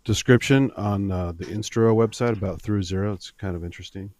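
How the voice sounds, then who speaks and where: A man's voice: lowish voice, fairly quick, darkish tone, dry recording. A man on a casual panel chat, reading a product description aloud and adding a joke.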